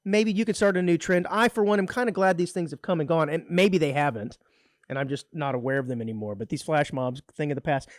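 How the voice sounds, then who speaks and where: A man co-hosting a community radio show, chatting casually with wry, teasing banter and a dry, deadpan streak. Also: on the high side, fast, no room sound. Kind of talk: casual chat. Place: radio studio. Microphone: studio microphone.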